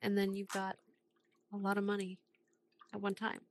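A woman's voice: mid-range voice, completely flat delivery, moderate pace, a little hiss or hum, rough recording. A woman guest on a podcast, chatting casually and explaining at length.

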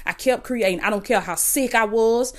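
Southern alabama lady preaching on her podcast at home, all fired up, keeps repeating herself, bit of a high voice. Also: normal speed. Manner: impassioned, repetitive, calls listeners "baby". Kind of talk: fervent preaching monologue.

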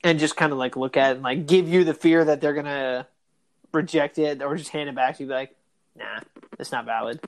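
A man's voice: fairly high pitch, fairly even intonation, fairly quick. A man co-hosting a podcast, chatting casually in an easygoing, hesitant way. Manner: easygoing, hesitant, many fillers. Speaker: podcast co-host.

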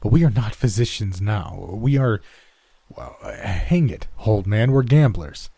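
Brief: a nervous ex-doctor gambler, as a man puts him on, pitched up, husky. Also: expressive, measured pace, dark tone, no echo, full character voice. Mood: reassured. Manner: stammering, alarmed. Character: startled male gambler, former doctor.

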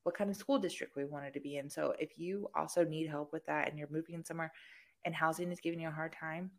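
A woman with a very low, gravelly voice chats casually. She gives advice in a direct, easy way. She speaks as a fellow military spouse. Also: fairly even intonation, fast talker. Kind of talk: casual chat.

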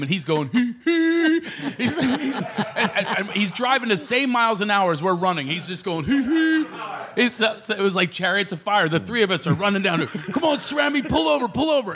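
A middle-aged male comedian from the Philadelphia area telling stories on a radio show, acting out voices and laughing often. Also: high-pitched. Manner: animated storyteller, acts out voices, laughs often. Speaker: comedian guest.

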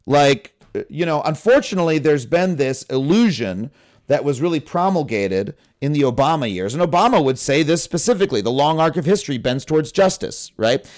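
A man's voice: on the high side, expressive, a little fast, darkish tone. A man in his thirties, a comedian guest on a podcast, talking in an impassioned, profane, rambling way. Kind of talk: animated podcast conversation.

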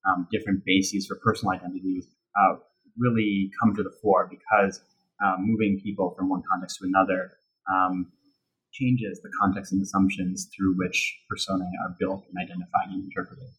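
A man who is a guest author, speaking hesitantly with many pauses in an academic interview. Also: low voice, flat delivery, a bit bright, slightly rough, rough recording. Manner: hesitant, many ums and uhs.

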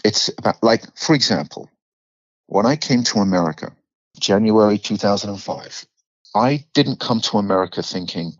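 A guest actor from England with a London accent tells stories in a casual podcast interview, animated, swearing freely and acting out quotes. His voice is on the low side at normal speed, and the audio is dull with no echo.

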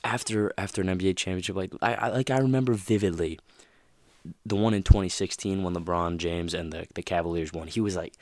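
A man's voice: deep voice, steady tone, fairly quick, dry recording. A man hosting a motivational podcast, talking casually with plenty of fillers and restarts. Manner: rambling, lots of fillers and you-knows. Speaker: podcast host.

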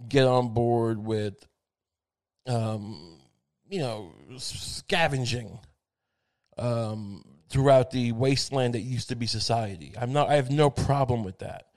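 A man rambling through a comic monologue, self-mocking and profane, with frequent halting restarts. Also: medium pitch, darkish tone.

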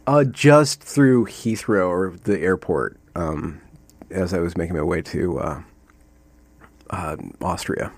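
Low husky man, dry sound. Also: slow. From United States. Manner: meandering, playful, thinks aloud with fillers. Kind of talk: casual conversation.

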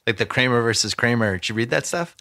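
Chatty male podcast host, bright edge, dry booth sound. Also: medium pitch, no room sound. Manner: chatty, quick anecdotes, casual slang. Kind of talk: casual interview chat.

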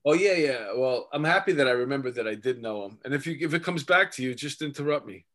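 Halting, joking man on a podcast. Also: medium pitch, animated, a bit bright. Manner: halting, self-deprecating joking. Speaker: comedian guest. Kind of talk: casual chat.

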